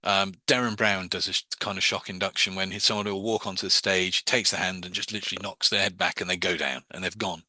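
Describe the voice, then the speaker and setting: A low-pitched man gives a rambling, informal lesson on hypnosis, his voice bright and forceful. He restarts his sentences often and slips into a soft, slow patter when demonstrating. The room sounds dry and close. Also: steady tone, dry recording. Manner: quick, rambling, with many restarts and fillers. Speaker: hypnosis teacher. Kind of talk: informal class lecture.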